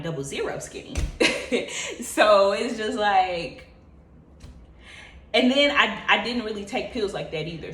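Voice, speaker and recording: A woman vlogger telling a story in an animated, expressive, profane casual way. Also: lowish voice, reverberant, slight background noise.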